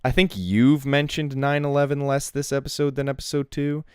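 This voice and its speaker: Smooth-voiced man co-hosting a podcast. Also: mid-range voice, level tone, normal speed. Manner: amused, laughs while reading emails aloud. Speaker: podcast co-host. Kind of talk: casual comedy podcast chat.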